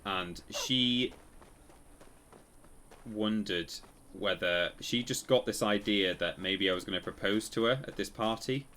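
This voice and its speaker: Man, very deep voice, streaming a game, chatty, meandering, stops and restarts. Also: unhurried, pushed and bright, slight background noise. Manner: rambling, self-correcting storyteller. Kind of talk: casual live-stream commentary.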